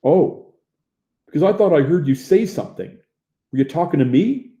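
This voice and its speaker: A man voicing a loud, dim-witted young male bully who speaks in a slow, stupid drawl. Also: medium pitch, very animated, gravelly. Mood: menacing.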